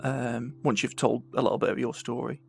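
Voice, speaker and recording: A man with a mid-range voice. He hosts in a relaxed, chatty way, laughing easily and calling his guest "mate.". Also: mid-range voice, fairly quick, creaky. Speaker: podcast host. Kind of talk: casual conversation.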